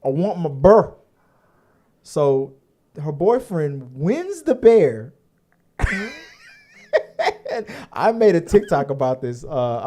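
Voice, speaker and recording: Man, podcast co-host, mellow voice, casual rambling chat, jokey, profane. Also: on the high side. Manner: loose, rambling and profane, joking.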